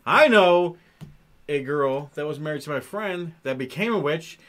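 Bright-voiced Ohio man chatting. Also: fairly high pitch, measured pace. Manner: animated, laughs often, repeats himself. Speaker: podcast co-host. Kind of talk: casual chat.

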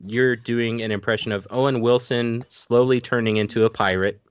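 A young man co-hosting a podcast, explaining a game in a quick, offhand, teasing way. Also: mid-range voice, steady tone, clear, resonant tone. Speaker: podcast co-host, game runner. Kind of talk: casual podcast banter. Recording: dull, lo-fi mic.

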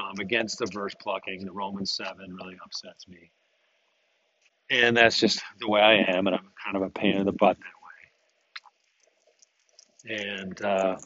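A man's voice: sits low, breathy edge, dull audio. A man in a casual, reflective monologue, thinking aloud and rambling with many restarts.

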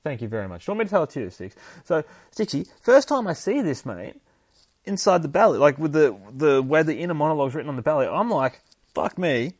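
A man's voice: fairly high pitch, fast talker, no room sound. A man hosting a podcast, recapping a horror comic in a casual, laughing, profane way. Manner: laughing, profane, animated storytelling. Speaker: podcast host.

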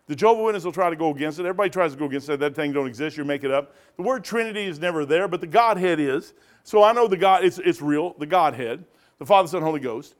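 A man teaching a Bible study in a rambling sermon style, animated, often laughing and digressing, with sudden loud bursts. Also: fairly high pitch, quick pace.

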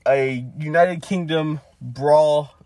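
A man's voice: a little high, slow, a little mellow, no room sound. A man co-hosting a podcast, giving a rambling, casual play-by-play recap with lots of filler. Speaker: podcast co-host.

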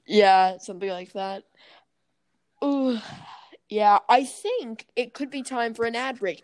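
A woman co-hosting a casual podcast, talking in a slightly high voice. She rambles, corrects herself mid-thought and laughs easily. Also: expressive, slow pace, long pauses. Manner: chatty, self-correcting, laughs often. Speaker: podcast co-host. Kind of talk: casual chat.

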